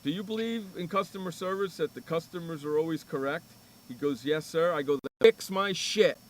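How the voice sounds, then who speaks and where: A man's voice: on the high side, fairly even intonation, fairly quick, slight background noise. A man hosting a sports radio show, telling a profane, ranting story in casual chat.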